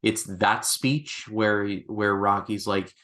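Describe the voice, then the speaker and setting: A man hosting a casual film review chat, animated and quick with asides. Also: fairly low pitch. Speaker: film review podcast host.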